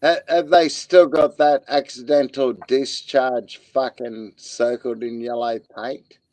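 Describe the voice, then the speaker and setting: Gravelly, slow man. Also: mid-range voice, steady tone, a little mellow, dry recording. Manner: slow, crude, laid-back talk. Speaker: podcast co-host, ex-soldier. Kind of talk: casual chat.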